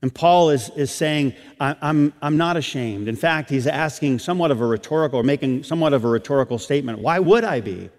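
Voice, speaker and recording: A middle-aged male pastor delivers a sermon at an ordinary mid pitch, climbing into emphatic, raised lines and then dropping to near-hushed asides. His voice rings out with a long reverb tail, as in a church sanctuary. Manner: preaching with rising, emphatic bursts and hushed asides.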